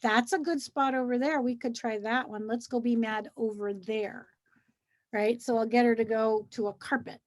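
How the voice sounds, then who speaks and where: Lively high-voiced woman, animated storyteller. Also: moderate pace. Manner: animated storyteller, acts out quotes; soothing, gentle when quoting a child. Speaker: co-host. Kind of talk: casual chat.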